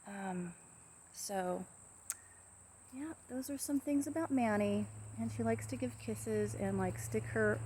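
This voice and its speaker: A woman casually talking to camera about her pet parrot, rambling softly with many fillers and restarts. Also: mid-range voice, slight background noise.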